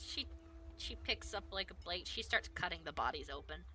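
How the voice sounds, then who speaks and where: A woman's voice: on the low side, normal speed. A woman running a tabletop game as game master, giggling often and acting out the characters. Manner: giggly, animated, acts out characters.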